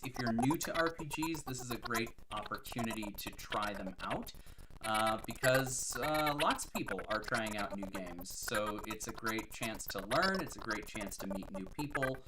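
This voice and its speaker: Very low-voiced woman, lively, noisy. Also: moderate pace. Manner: corny joke-telling, self-mocking, chatty. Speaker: live stream host. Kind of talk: casual live stream chat.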